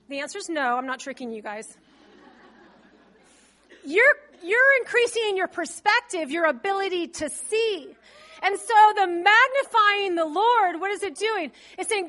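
Very high-voiced woman preaching. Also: bright, forceful tone. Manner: conversational, asks the congregation questions; loose with fillers. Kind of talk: sermon.

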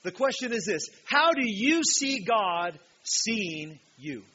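A male pastor preaching a sermon in a church, emphatic, swinging from loud, ringing peaks to quiet asides. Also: sits high, very animated, slow pace, slightly rough. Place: church hall with a projection screen. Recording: dull lo-fi sound with faint hiss.

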